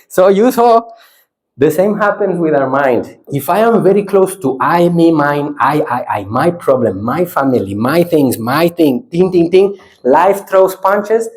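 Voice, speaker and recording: Animated monk giving a dharma talk. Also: male voice, a little high, unhurried. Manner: animated, playful, swings from lively to hushed; non-native English with simple phrasing and tag "ne?". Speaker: Buddhist monk teaching a retreat. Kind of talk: dharma talk with audience exercises.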